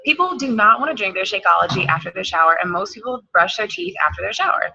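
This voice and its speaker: A woman's voice: medium pitch, expressive, fast, creaky, muffled recording, noisy background. A woman giving an emphatic, hyped motivational talk on a team call, repeating her points. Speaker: team coach.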